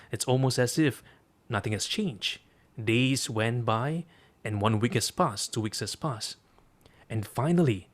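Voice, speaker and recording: A man, a coach, telling a story and drawing lessons from it with emphatic repeated phrases. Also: mid-range voice. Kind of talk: storytelling talk.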